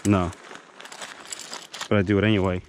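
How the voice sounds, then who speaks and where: A man's voice: deep voice, little pitch movement, moderate pace, background noise. A man hosting a casual camping vlog in a forest, teasing his friends and talking in a rambling, joking way. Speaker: vlogger. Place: outdoors in a forest campsite.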